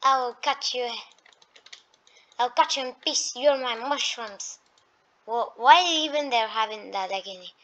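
A woman doing excitable let's-play gameplay commentary, talking to the enemies and breaking into sudden shrieks of alarm. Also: fairly high pitch, a little slow, pauses often. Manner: talks to enemies as she plays. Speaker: gaming YouTuber. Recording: dull lo-fi mic.

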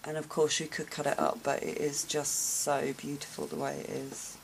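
Slow, gravelly-voiced woman gushing softly. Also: deep voice, flat delivery, a little hiss or hum, poor audio. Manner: soft, slow and gushing, many gasps and sighs. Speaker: craft vlogger opening gifts. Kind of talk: casual unboxing vlog.

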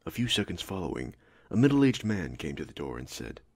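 A man narrates a storybook audiobook in a low voice, with steady, even storytelling throughout. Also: brisk, breathy edge.

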